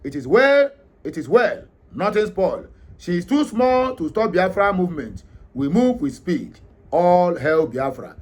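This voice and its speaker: A Nigerian man with a Nigerian accent and a fairly high voice, delivering an opinionated commentary monologue. He is emphatic and repeats himself, often stumbling over his words. He sounds middle-aged. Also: very animated, a little slow. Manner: emphatic, repetitive, frequent hesitations. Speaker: commentary host.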